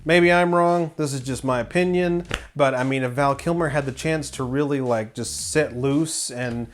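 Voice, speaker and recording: A man's voice: medium pitch, moderate pace. A man hosting a film review show, talking in a casual, rambling, opinionated way with many restarts. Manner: enthusiastic, opinionated.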